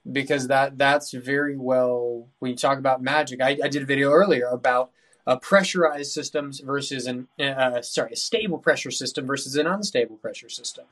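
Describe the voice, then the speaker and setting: A man's voice: mid-range voice, a little fast, a bit bright. Rambling man on a podcast. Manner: rambling, restarts often. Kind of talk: casual podcast chat.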